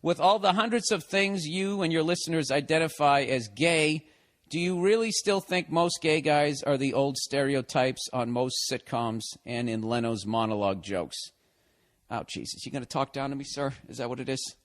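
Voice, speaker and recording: A man's voice: medium pitch, normal speed. A man in his forties from the United States, hosting a podcast, reading a listener's email aloud and ranting back at it in a profane, sarcastic way. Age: 40s. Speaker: podcast host.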